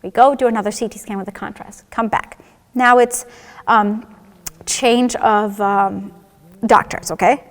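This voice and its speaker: A woman's voice: mid-range voice, steady tone, unhurried, big-room sound. A woman giving a personal testimony at church, telling her story candidly and acting out the dialogue.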